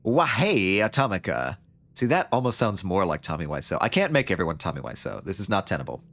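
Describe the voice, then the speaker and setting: A man's voice: low-pitched, big pitch swings, fast, creaky. A man streaming a story game, reading its text aloud with playful asides.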